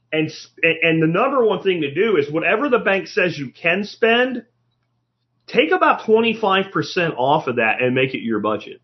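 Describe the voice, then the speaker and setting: A man's voice: a little high, muffled recording. A man hosting a solo podcast, talking bluntly and casually, swearing now and then and often restarting his sentences. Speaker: podcast host.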